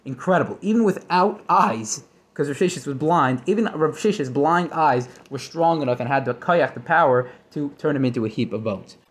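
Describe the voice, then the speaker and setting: A man giving a casual Talmud lesson, reading passages and retelling them with animated storytelling, often restarting and correcting himself. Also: on the high side, moderate pace. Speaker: Talmud teacher.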